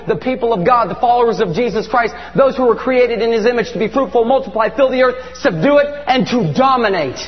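A man's voice: very high voice, a little fast, few pauses, in a large hall, highs cut off. A man preaching a comic sermon in a large church, joking and teasing his audience. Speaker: pastor.

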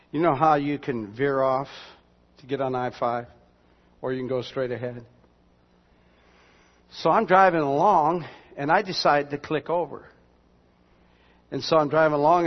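A man preaching as a pastor, telling everyday stories in a folksy, conversational way with asides to the congregation. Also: on the high side. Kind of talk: storytelling sermon. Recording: dull lo-fi sound with long hall reverb.

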